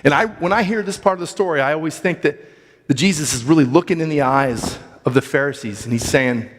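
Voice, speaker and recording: Earnest preacher in a reverberant church. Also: male voice, fairly high pitch, fairly quick. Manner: earnest, restarts phrases, asks rhetorical questions. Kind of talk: sermon reading and reflection. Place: church sanctuary.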